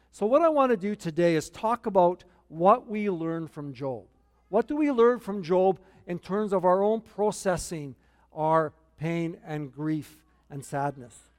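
A man preaching a sermon as pastor, earnest and repeating key points for emphasis. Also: on the high side. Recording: long hall reverb.

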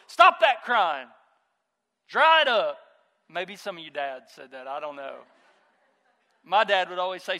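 A high, bright male voice preaching a sermon in a church sanctuary. He is a pastor in his thirties who talks in an easy, conversational way and mixes in stories from home. His words ring out with a long reverb through the hall.

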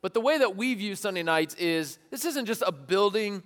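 A man preaching as a youth ministry pastor, eager and lively, rallying a young crowd in a church. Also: high voice, moderate pace, big-room sound. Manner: enthusiastic, calls to the crowd, repeat-after-me. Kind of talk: energetic youth sermon.

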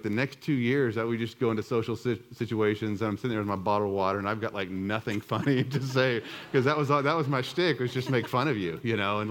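A man in his thirties speaks to a church gathering in a relaxed, self-mocking storytelling way. He talks loosely, with plenty of fillers and restarts. His voice sits at a middle pitch. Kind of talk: storytelling talk to a group.

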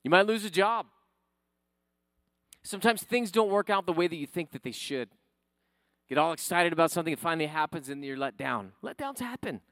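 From the pulpit, a pastor with a high-pitched voice tells a personal story, then builds into fervent, emphatic preaching. His delivery is lively, slightly fast and a bit bright, with long pauses, captured dry and close with no echo.

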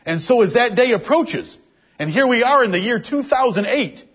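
High, lively-voiced husky man teaching scripture. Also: moderate pace. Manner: emphatic, reads and explains scripture verses. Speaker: Bible teacher. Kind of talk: verse-by-verse Bible teaching. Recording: dull lo-fi recording.

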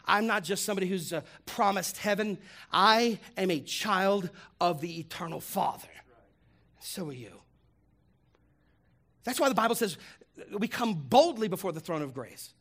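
A male pastor preaching a lively, humorous sermon, swinging between loud punchlines and hushed reflective lines. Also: sits high. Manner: animated, humorous, acts out voices.

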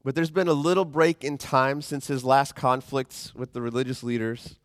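Conversational pastor preaching, dry sound. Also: male voice, medium pitch, no echo. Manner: conversational, animated, slows down to read scripture. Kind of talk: sermon.

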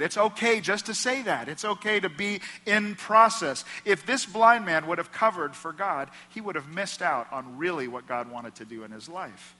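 Bright-voiced pastor preaching in a reverberant church. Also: male voice, high voice, lively intonation, moderate pace, hardly any pauses. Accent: American Midwest. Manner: earnest, conversational preaching with emphatic repetition. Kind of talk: sermon. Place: church auditorium. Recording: long hall reverb from a church.

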